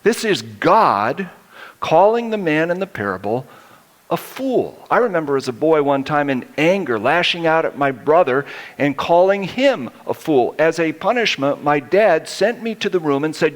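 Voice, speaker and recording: A man's voice: on the high side, very animated, normal speed. A middle-aged male pastor preaching a sermon, telling stories and acting out the quotes he reads.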